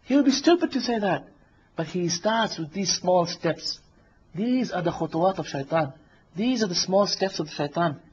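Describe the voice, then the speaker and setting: A man with a high voice preaches a sermon, repeating his key lines for emphasis and telling vivid stories. The recording is dull and lo-fi, like an old lecture tape. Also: expressive, normal speed, slight background noise.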